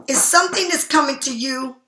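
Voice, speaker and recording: A woman's voice: high voice, brisk, bright, forceful tone, roomy sound, a little hiss or hum. A woman giving a casual tarot reading straight to the viewer, repeating herself for emphasis as she offers spiritual encouragement. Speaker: tarot card reader.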